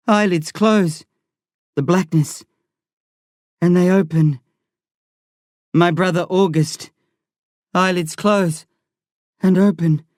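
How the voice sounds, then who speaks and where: A woman reading a first-person story as an audiobook narrator, in a slow, tense, dramatic way. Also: fairly low pitch, darkish tone, dry recording, studio quality.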